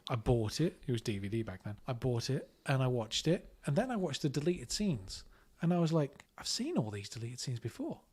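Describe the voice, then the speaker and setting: Man, podcast co-host, casual film chat, mid pitch, rambling storyteller. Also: expressive, moderate pace, few pauses, darkish tone, slightly rough. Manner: chatty storyteller, rambling with fillers and restarts. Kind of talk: casual chat about films.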